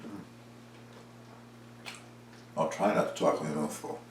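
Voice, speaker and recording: A man with a very low voice talks in an easygoing, rambling way, trailing off and filling gaps with "uh". He is in a home kitchen that sounds echoey. A steady background noise sits under his voice. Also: brisk. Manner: relaxed and rambling, with fillers. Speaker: home baking vlogger. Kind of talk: casual home cooking talk. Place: home kitchen and dining room.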